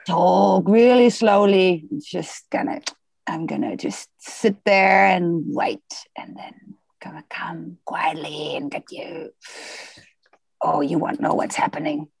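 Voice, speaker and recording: A woman voicing a small, spiteful female gremlin who gloats in slow, menacing whispers during an improv exercise. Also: sits low, little pitch movement, darkish tone, no echo, exaggerated voice. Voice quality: gravelly, breathy, menacing whispers.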